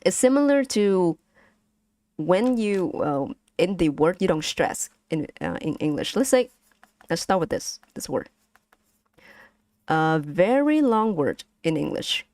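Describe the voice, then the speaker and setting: Woman, casual lesson stream, patient, drawn-out delivery. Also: low voice, sing-song, a little mellow, dry recording. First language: Vietnamese. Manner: patient, repeats and models tones, giggles often. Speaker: streamer teaching Vietnamese.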